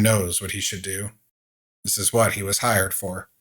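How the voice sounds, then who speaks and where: A man with a lowish voice reads a game's story text aloud. His delivery is slow and measured, like a gaming host narrating for viewers. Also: level tone, fairly bright tone, slightly rough.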